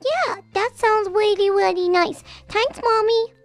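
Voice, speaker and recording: A woman doing a very high whiny baby girl. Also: measured pace, dry recording, soft background music. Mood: sweet. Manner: childlike and pleading.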